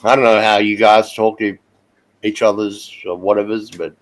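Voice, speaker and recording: A middle-aged Australian man hosting a casual livestream, loud and brash and swearing freely. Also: fairly low pitch, flat delivery, normal speed, poor audio. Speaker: stream host.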